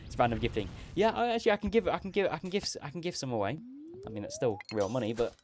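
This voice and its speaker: A man's voice: on the high side, wildly swooping pitch, quick pace, a little mellow, slight background noise. A man hosting a gaming livestream, rambling casually, laughing often and correcting himself mid-sentence.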